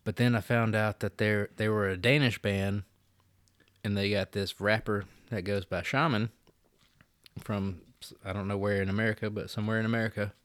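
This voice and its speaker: A man's voice: little pitch movement, normal speed, a bit bright, no echo. A man co-hosting a podcast, chatting loosely and with lots of swearing. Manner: profane, rambling, mocking quotes in a high voice. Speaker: podcast co-host. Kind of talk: casual chat.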